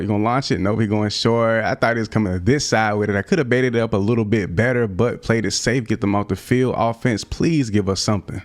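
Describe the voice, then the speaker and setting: A young man giving casual, slang-filled play-by-play of his own football video game, out of breath at times and prone to loud excited outbursts. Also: lowish voice. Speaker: gaming YouTuber. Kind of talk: live gameplay commentary.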